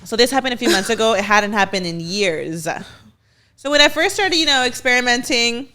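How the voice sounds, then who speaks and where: A woman's voice: on the high side, expressive, brisk, sharp tone. A young woman co-hosting a podcast in a studio, chatting casually and animatedly, swearing freely. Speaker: podcast co-host. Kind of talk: casual chat.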